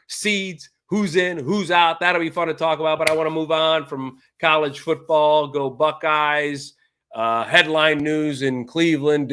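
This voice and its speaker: A man hosting a live-streamed sports talk show, ranting with sarcasm and lively energy. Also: on the high side. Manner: sarcastic, animated rants. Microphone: streaming setup mic.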